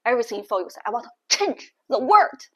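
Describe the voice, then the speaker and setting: A woman teaching Mandarin tones in a language lesson, explaining slowly and deliberately. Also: on the high side, big pitch swings, sharp tone, breathy edge. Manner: slow, deliberate explaining with exaggerated tone demonstrations.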